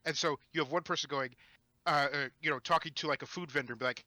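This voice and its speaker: A man telling a story from his tabletop game as a podcast guest, animated and rambling with restarts. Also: a little high, very fast, no echo. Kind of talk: casual storytelling chat.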